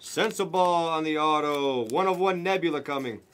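A man hosting a card break, chatting casually and rattling off pulls with excited running commentary. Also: fairly high pitch, moderate pace, clean tone. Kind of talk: casual chat while opening cards.

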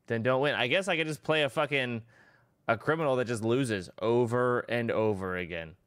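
A man's voice: medium pitch, moderate pace, a bit bright, smooth, dry recording, clean studio sound. A young man chatting casually on a livestream, rambling and swearing freely. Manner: rambling, profane, exclaiming.

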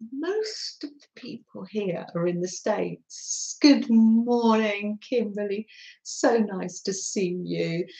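A woman hosting a crafting live stream, greeting viewers by name in a gentle, chatty way. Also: on the high side, low-quality recording. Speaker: live-stream host, junk journal crafter.

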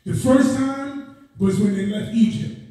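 A man preaching a sermon in a passionate, repetitive cadence, rising to shouts and often crying out "oh God" between phrases. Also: sits high, measured pace. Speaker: guest preacher. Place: church sanctuary. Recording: echoey church from far off.

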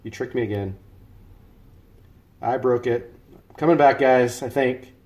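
A man from the U.S. cooks on a casual home livestream, his medium-pitched, darkish voice moving a little slowly. He keeps up loose conversation with viewers, greets them by name, and describes each step as he goes.

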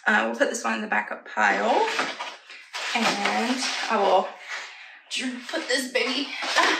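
Chatty woman vlogger, high and bouncy with a gravelly edge, giggly, recorded in an echoey room from a distance. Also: measured pace, very noisy. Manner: chatty, giggly, trailing asides to her pets. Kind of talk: casual haul chat to camera. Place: at home, indoors. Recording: roomy, slightly distant home audio.

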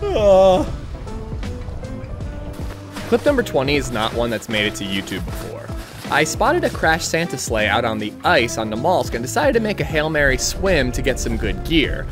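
A man giving gameplay commentary, excitable and ranting with frequent swearing. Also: mid-range voice, moderate pace, over music. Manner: excitable, swears freely, rants in frustration. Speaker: gaming video creator.

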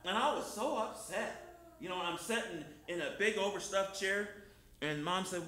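A man's voice: high voice, a little slow, sharp tone, a little hiss or hum. A man preaching a sermon, telling folksy personal stories in plain, colloquial speech. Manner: folksy storytelling, colloquial grammar. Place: church sanctuary. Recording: echoey church room.

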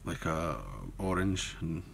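A man demonstrating fly tying step by step, talking in a relaxed way as he works with his hands. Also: deep voice, slow pace, slight background noise. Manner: relaxed, thinking aloud while working with hands. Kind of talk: step-by-step tutorial narration.

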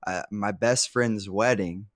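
A man's voice: on the low side, slow pace, no echo, studio quality. A man who streams, chatting casually as a podcast guest, rambling and restarting his sentences and laughing easily. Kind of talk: casual live podcast chat.

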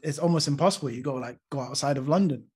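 A man's voice: mid-range voice, quick pace, darkish tone, husky. A man from the UK hosting a podcast, chatting casually and asking questions with light hedging. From United Kingdom. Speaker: podcast host. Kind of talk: casual interview chat.

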